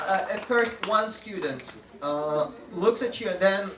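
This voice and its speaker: A man presenting a workshop to teachers with lively energy, leading a live audience through group chants. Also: high-pitched, unhurried, hardly any pauses, a loud crowd. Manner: animated, often laughing, leads group chants. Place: large room with a live audience. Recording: echoey room, far from mic, audience noise.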